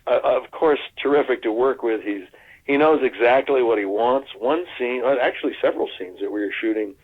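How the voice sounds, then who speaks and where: A man's voice: medium pitch, a little fast, slightly rough. Man telling stories over a tinny line. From United States. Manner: animated anecdote-telling, lots of restarts and acted-out quotes. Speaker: actor guest. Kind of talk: casual interview storytelling. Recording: phone-like narrow sound.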